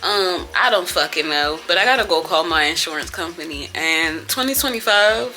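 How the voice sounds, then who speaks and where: A woman's voice: fairly low pitch, lively intonation, moderate pace, sharp tone. A young woman vlogger talking casually and venting, with a lot of profanity and frustration.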